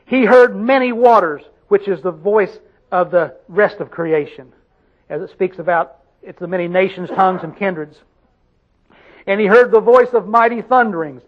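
A man's voice: high-pitched, muffled recording. A man preaching a sermon, emphatic, putting questions to his congregation and answering them himself.

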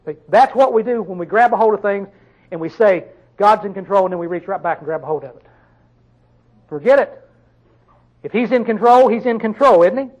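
Male preacher with a high voice; sermon delivery, questioning listeners, with sudden loud emphatic bursts. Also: expressive, lo-fi sound. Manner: reads scripture slowly and drawn out.

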